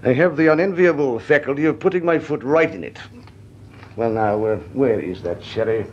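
A man's voice: mid-range voice, moderate pace, slight background noise, close to an everyday voice. An actor playing a genial, bumbling older company chairman in a vintage radio drama, flustered and hesitant. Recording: dull lo-fi old radio recording.

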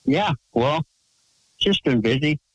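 A man calling into a late-night radio show, answering hesitantly with lots of fillers and short deadpan replies. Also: a little high, slow, dry recording, rough recording. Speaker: regular caller. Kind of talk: casual call-in chat.

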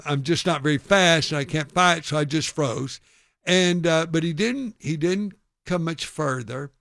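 Man, gravelly voice, slightly high pitch, animated storytelling, self-deprecating, dry close-mic sound. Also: no echo. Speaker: podcast host and author. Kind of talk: conversational storytelling.

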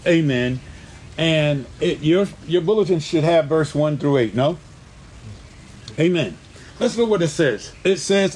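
High-voiced preacher punctuating with "amen". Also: male voice, lively intonation, unhurried, long pauses, a little mellow, slight background noise. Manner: punctuates phrases with frequent "amen", calls on the congregation; repeats and restates points for emphasis. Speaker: pastor. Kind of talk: sermon with scripture reading. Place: church.

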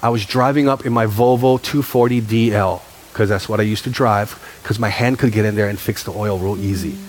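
A man in his forties, a pastor preaching a sermon, telling stories with quick bursts and emphatic repetition. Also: lowish voice, fairly even intonation.

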